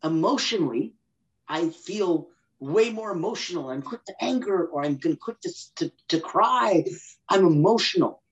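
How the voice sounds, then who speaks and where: A man's voice: sits high, animated, moderate pace, lo-fi sound. A man as a guest on a podcast interview, explaining with energy and acting out inner voices. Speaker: guest expert.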